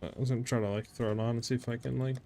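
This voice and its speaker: A man streams a game and chats loosely with viewers, rambling, addressing chat by name, getting easily restless, and filling his talk with "like" and "you know." His mid-range voice is fairly even in intonation, rapid-fire, mellow, and touched with vocal fry.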